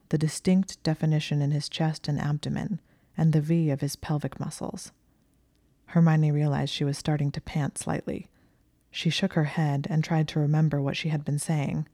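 A woman narrating a story aloud in a steady, even way. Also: low-pitched, no room sound, studio quality. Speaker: audiobook narrator. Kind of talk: reading fan fiction aloud.

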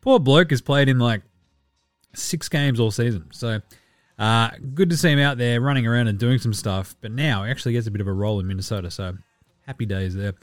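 A man hosting a casual sports podcast, joking and swearing as he runs through the news and now and then slips into quick mock voices for the people he talks about. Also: mid-range voice, no echo. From Australia. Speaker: podcast host.

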